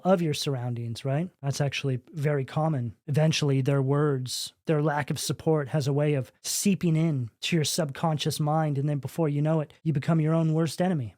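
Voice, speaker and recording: A man's voice: on the high side, a little mellow, no echo, studio quality. A man giving a tarot reading in a preachy, emphatic way, often asking "right?". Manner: preachy, emphatic, rhetorical questions. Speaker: tarot reader.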